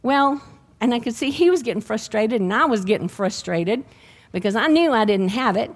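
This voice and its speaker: A middle-aged woman, preaching a sermon and telling her own healing testimony in a lively storytelling way. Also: a little high, moderate pace.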